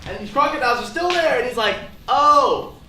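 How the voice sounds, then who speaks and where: An actor playing an enthusiastic survivor who eagerly agrees and acts out quoted lines while retelling a story on stage. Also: male voice, extremely high pitch, lively intonation, a little fast, vocal fry, background noise, heavily acted. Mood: animated. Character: Matt, an enthusiastic adult survivor recalling a cartoon plot. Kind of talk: stage play acting. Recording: distant stage mic, roomy theater with audience.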